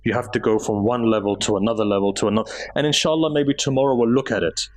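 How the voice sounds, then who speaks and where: A man speaking at a mosque gathering preaches with emotive storytelling, his voice lifting in the stirring parts. He has a mid-range voice and a quick pace, and the audio is poor.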